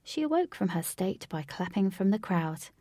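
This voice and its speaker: A woman narrating a storybook in an unhurried way, sometimes dropping into a whisper. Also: mid-range voice, very animated, dark tone, no room sound.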